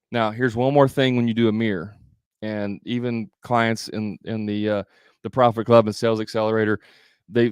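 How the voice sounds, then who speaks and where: A man's voice: fairly low pitch, darkish tone, clear, resonant tone, dry recording, studio quality. A man giving a live sales training as coach, talking conversationally with fillers and restarts.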